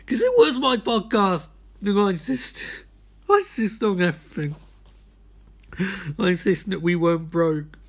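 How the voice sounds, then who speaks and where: A high-pitched man hosts his podcast in a comic monologue, exhausted and unravelling. His voice leaps all over the place as he lurches between frantic, swearing rants and drained mumbling. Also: animated, measured pace, pauses often. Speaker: podcast host.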